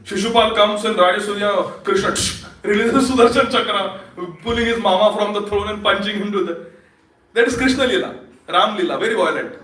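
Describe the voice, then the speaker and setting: A man giving a lively storytelling sermon at a temple feast, laughing often and quizzing his audience. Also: high voice, a little fast. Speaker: speaker at a temple Sunday feast. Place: temple hall. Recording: echoey hall, distant mic.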